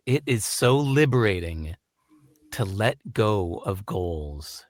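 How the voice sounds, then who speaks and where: A man speaks as an interview guest and tells anecdotes with lots of energy. His pitch rises and falls freely as he acts out other voices. The recording is dry and close. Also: slow, no room sound. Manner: animated storyteller who acts out voices. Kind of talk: conversational interview, storytelling.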